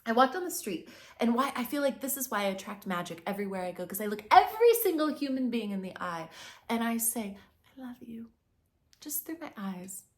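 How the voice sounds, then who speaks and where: A young woman giving a spiritual, motivational talk as a manifestation teacher. She is earnest and effusive, rambles with restarts, and swings between soft near-whispers and bright emphatic bursts. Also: fairly high pitch, sing-song, quick pace.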